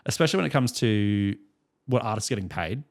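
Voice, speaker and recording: A man's voice: fairly low pitch, expressive, normal speed. A young Australian man co-hosting a music podcast, telling stories in a rambling, chuckling, casual way. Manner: rambling storyteller, chuckles often. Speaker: podcast co-host. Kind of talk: casual chat.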